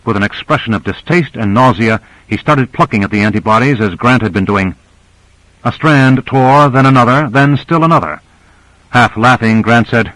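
A man reading a novel aloud in a measured, even narration. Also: mid-range voice, no room sound, low-quality recording. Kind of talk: scripted audiobook narration.

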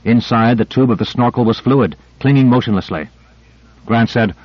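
A man narrates a novel in a steady, vivid storytelling manner. His voice is mid-pitched and even. The recording is dry and a little dull. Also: normal speed, breathy edge, no echo. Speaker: audiobook narrator. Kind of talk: scripted narration.

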